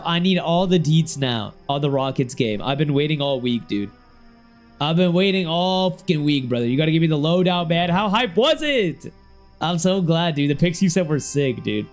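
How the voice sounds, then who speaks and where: A young man from Ohio chatting casually on a game stream, loose and slangy, now and then breaking into sudden excited shouts. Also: fairly high pitch, normal speed, soft background music.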